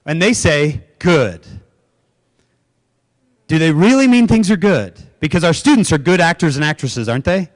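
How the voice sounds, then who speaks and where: A man's voice: on the high side, expressive, normal speed, long pauses. A middle-aged man giving a keynote talk to educators, telling stories, acting out quoted voices and asking the audience questions. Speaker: keynote speaker. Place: conference venue before an audience.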